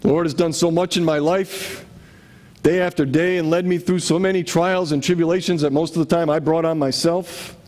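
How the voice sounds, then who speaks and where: A man's voice: on the high side, steady tone, moderate pace, a little mellow. Conversational man preaching a sermon. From Connecticut. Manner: conversational preaching with rhetorical questions. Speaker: pastor.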